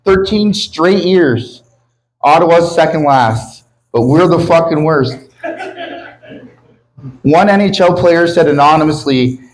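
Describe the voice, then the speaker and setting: A man's voice: on the high side, expressive, slow, pauses often, rough recording. A man from Canada doing a stand-up comedy set, crude and self-mocking, swearing often as he jokes about his city and his sobriety. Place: comedy club stage with a live audience.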